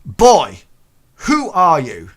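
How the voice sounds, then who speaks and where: A man voicing a stern gentleman who questions people curtly. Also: mid-range voice, sing-song, slow pace, gravelly, full character voice. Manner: curt, demanding. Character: stern gentleman, brusque with servants.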